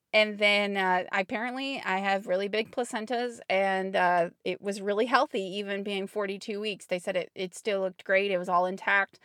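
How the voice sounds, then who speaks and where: A young woman telling the story of her home birth in a casual, heartfelt way, with lots of fillers and soft laughs. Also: medium pitch, no echo, clean studio sound. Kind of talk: personal storytelling podcast.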